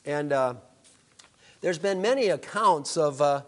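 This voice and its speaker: A man preaching a sermon, telling stories with frequent halting restarts. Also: a little high, animated. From Upper Midwest of the USA. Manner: halting storytelling with many restarts. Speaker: pastor.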